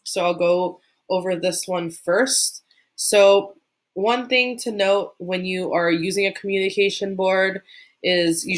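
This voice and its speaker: Young woman teacher, lowish voice, slow casual explaining with lots of fillers. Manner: relaxed, unhurried, many "um" and "like" fillers. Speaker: special education teacher. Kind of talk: casual instructional talk.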